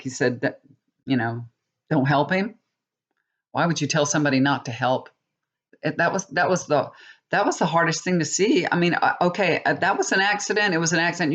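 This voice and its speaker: A woman's voice: low-pitched, lo-fi sound. Chatty woman reading tarot. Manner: chatty, rambling with many restarts, asks viewers "okay?". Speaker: tarot reader. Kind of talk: casual monologue reading.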